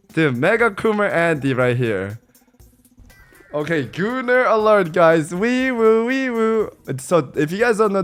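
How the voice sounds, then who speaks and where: A young man from California, a streamer, telling stories from a trip in a casual, slangy way, swearing now and then and imitating his friends. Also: fairly high pitch. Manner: animated, slangy, swears, mimics friends in quotes. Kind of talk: casual storytelling vlog.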